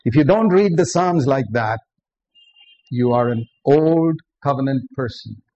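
A man's voice: mid-range voice, expressive, measured pace, mellow. A man preaching a sermon, earnest and direct, often putting questions to the listeners. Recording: dull lo-fi recording with faint background noise.

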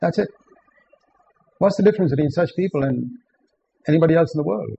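A man's voice: on the high side, expressive, fairly quick, creaky, warm tone, husky. A man preaching a sermon, earnest and direct, often putting questions to the listeners. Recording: dull lo-fi recording with faint background noise.

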